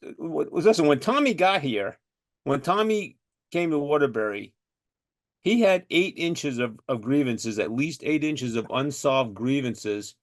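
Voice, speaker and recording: A middle-aged man hosting a podcast, telling firefighter stories in a casual chat, animated and laughing as he talks. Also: a little high, measured pace.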